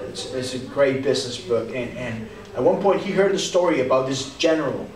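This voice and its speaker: A young man with a Texan accent giving an animated, conversational youth sermon and acting out quotes. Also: mid-range voice, fairly quick, recorded from a distance. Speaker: youth pastor. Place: church hall. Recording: echoey hall, speaker off-mic. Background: audience answering now and then.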